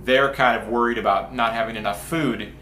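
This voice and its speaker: Casual pastor preaching in an echoey church. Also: male voice, mid-range voice, steady tone, a little fast, pushed and bright, slight background noise. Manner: casual and talky, with many restarts and asides. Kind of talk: conversational sermon. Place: church sanctuary.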